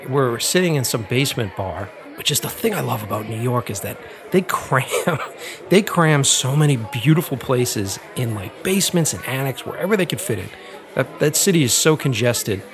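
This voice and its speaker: A man casually telling a story in a chatty, animated way, laughing often and using many fillers. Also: medium pitch.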